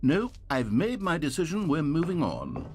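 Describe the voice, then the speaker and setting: A man's voice: on the high side, wildly swooping pitch, normal speed, darkish tone, slight background noise. A man voicing a smug, sarcastic video game narrator with dry, mock-grand delivery.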